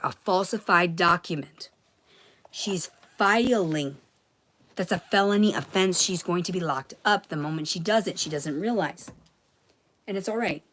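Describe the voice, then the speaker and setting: An agitated woman delivering a rambling, profane monologue to the camera, swinging between loud ranting and hushed whispers. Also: on the low side. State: agitated, frantic.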